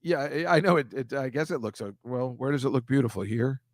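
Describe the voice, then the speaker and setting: A man hosting a comedy show, talking casually and exasperated over a series of pictures, ranting with quick asides. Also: mid-range voice, dry recording, studio quality.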